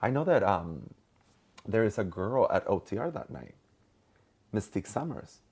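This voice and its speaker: Gushing, excitable podcast host. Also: male voice, on the low side, normal speed, creaky, husky. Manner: excitable, gushing, laughs often. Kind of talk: casual chat.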